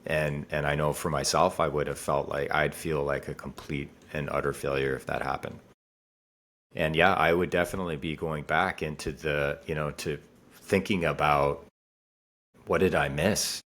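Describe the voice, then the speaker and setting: Very low-voiced earnest dad on a podcast. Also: male voice, fairly even intonation, normal speed, a bit bright. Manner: earnest, repeats phrases for emphasis. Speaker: podcast co-host, father. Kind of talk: casual podcast chat.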